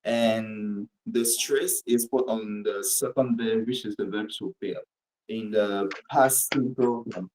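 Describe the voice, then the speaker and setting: A man's voice: lowish voice, fairly even intonation, slow pace, darkish tone, slight background noise, poor audio. Male student presenting homework carefully. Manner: careful, methodical explanation. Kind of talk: presenting class exercise.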